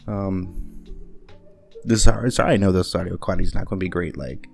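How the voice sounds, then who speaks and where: A man's voice: steady tone, moderate pace, gravelly, a little mellow, faint music behind. A man hosting a podcast, talking casually and rambling with many fillers, recorded at home on a handheld microphone with uneven audio. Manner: rambling, frequent fillers and restarts; talks in a high cooing baby voice to his dog. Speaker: podcast host. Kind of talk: casual monologue. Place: at home with his dog.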